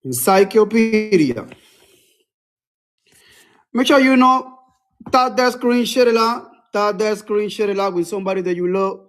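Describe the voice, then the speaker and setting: Man, high voice, livestream from his phone, repetitive, preachy. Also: expressive, a little slow, pauses often, fairly bright tone. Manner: repetitive, preachy, calls out to viewers. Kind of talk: casual livestream talk.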